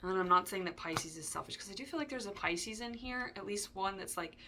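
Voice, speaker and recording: A woman's voice: mid-range voice, a little fast, pushed and bright, slight background noise. A woman giving a casual tarot reading, chatty and digressive, with frequent ums and asides. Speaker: tarot reader.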